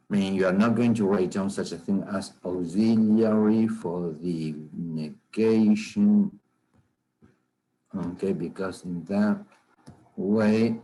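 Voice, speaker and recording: Male grammar teacher, slow and deliberate, mellow low-toned voice, keeps checking the class understands. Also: low-quality recording. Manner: measured, often checks understanding with "okay?" and "right?".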